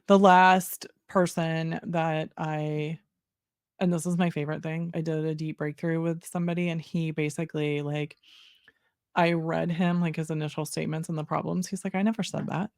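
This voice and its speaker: Podcast host, low-voiced woman, steady and thoughtful, dry sound. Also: moderate pace, no echo. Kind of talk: casual podcast interview.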